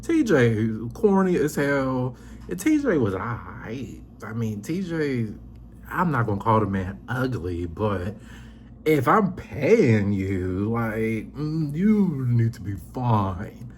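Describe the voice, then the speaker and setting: A man hosting a casual reality TV recap, talking sassy and animated, acting out quotes in high voices. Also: slow, slight background noise. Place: indoors, seated on a squeaky chair.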